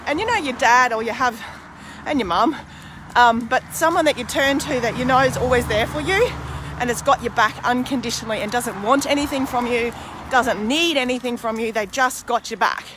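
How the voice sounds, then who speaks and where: A woman in her forties, a vlogger and podcaster, talks candidly to camera in a fairly high voice at a moderate pace. Her personal monologue is rambling and casual, with occasional mild swearing over background noise.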